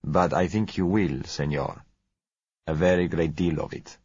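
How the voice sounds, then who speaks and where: A man reading as a suave, gentle oil seller. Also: low voice, slightly rough, no room sound, muffled recording. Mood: smooth. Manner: calm, gentle and unhurried. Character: suave, polite, soft-spoken male oil seller.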